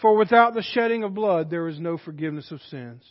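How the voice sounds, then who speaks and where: A male pastor giving an impassioned sermon in a church, swinging between shouted exhortation and hushed intensity, in a dull recording with long reverb. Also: fairly high pitch, brisk. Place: church sanctuary.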